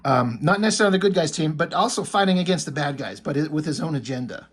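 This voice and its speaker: A man's voice: fairly high pitch, lively intonation, quick pace, husky. A man rambling casually through a comic book review, enthusiastic and profane.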